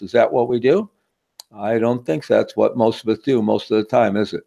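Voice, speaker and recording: His voice sits on the low side, creaky and mellow, at a normal pace. As a workshop speaker, he teaches in a conversational style, frequently tossing a "right?" to the audience.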